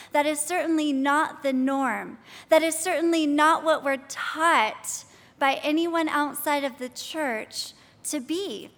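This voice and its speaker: A woman's voice: high-pitched, fairly bright tone. A woman in her thirties giving a chatty sermon to a live audience in a church hall, asking questions and reading scripture. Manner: chatty, asks the audience questions, then prays and reads scripture. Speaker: women's ministry speaker.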